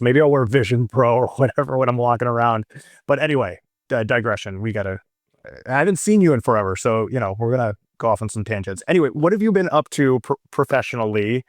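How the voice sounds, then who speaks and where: A man's voice: mid-range voice, quick pace, dry recording, studio quality. A man with an American accent co-hosting a podcast, chatting casually and joking through tangents. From United States. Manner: relaxed, rambling, joking with tangents. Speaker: podcast co-host. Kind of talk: casual chat.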